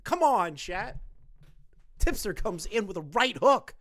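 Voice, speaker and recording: A man's voice: sits high, big pitch swings, slow, a bit bright, no echo. A man doing casual live-stream commentary on online drama, crude, profane and mocking in his delivery.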